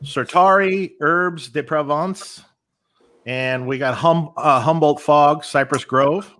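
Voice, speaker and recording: A man's voice: a little high, takes it slowly, a bit bright. A middle-aged man co-hosting a casual chat, rambling and restarting his sentences often. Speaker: co-host.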